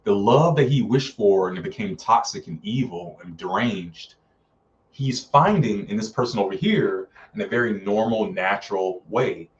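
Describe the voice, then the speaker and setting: A man with a low-pitched voice chats loosely through a live-stream film review, filling gaps with ums and acting out characters' lines. He sits back from the microphone, and the sound comes through dull and lo-fi. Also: animated, moderate pace, distant mic. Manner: chatty, many fillers, acts out characters' lines.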